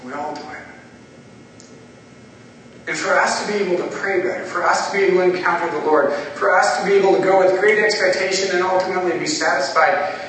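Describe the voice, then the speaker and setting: A man preaching a conversational sermon, moving between casual storytelling, impassioned pleas and quiet prayer. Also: sits high, steady tone, quick pace, a little hiss or hum. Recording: echoey hall, distant mic, faint ambience.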